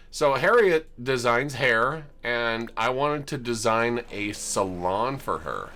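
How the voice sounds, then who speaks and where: A man's voice: mid-range voice, animated, slow pace, few pauses, pushed and bright. A man streaming a life-sim game, chatting casually and chuckling as he tours homes he built. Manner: chatty, amused, chuckles often. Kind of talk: casual gameplay commentary.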